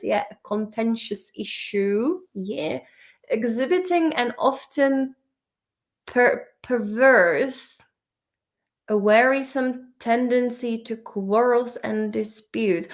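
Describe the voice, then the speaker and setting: A woman with a fairly high voice teaches vocabulary in a casual, playful study-along lesson, chatting and cursing at the dictionary as she goes.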